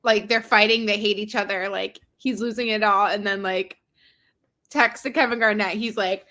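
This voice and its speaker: A woman co-hosting a casual movie chat, lively and amused, laughing readily. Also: on the high side, normal speed. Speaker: co-host.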